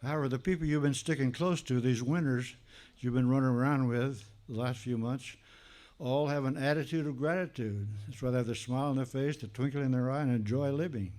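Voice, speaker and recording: A man's voice: medium pitch, brisk, a little mellow. Older man, emphatic recovery-meeting speaker. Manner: emphatic, repeats key phrases for effect; folksy storyteller with dry humor.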